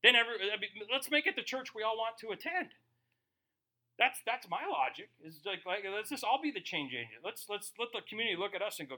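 A male pastor preaching a sermon, reading scripture slowly and then talking casually with asides. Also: sits high, animated, pushed and bright. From Germany.

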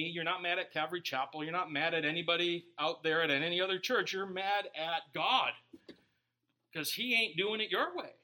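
A man preaching a sermon as a pastor, joking and talking to the congregation in a casual, animated way. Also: high-pitched.

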